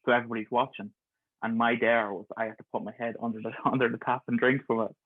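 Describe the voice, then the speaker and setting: A man's voice: mid-range voice, level tone, fast, dry recording. Man telling stories over a tinny call. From Ireland. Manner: chatty, laughs through his stories. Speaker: guest, pharmacist. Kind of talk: casual storytelling. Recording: thin phone-like call audio.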